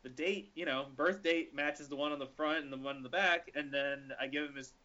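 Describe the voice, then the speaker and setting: Man in his own voice, animated storyteller, bright and forceful tone, slightly higher pitch, muffled lo-fi sound. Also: a little fast. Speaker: podcast co-host telling a story. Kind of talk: casual storytelling chat. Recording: lo-fi podcast audio.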